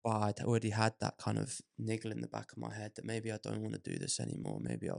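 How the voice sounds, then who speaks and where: A man in a casual podcast chat, calmly explaining his view. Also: lowish voice, fast, gravelly, dry recording, clean studio sound. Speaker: podcast co-host.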